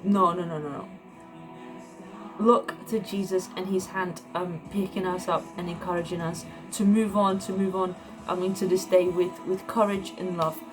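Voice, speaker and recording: A woman's voice: lowish voice, flat delivery, moderate pace. A woman giving an informal devotional message, earnest and encouraging, often repeating words and using fillers as she speaks. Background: background music.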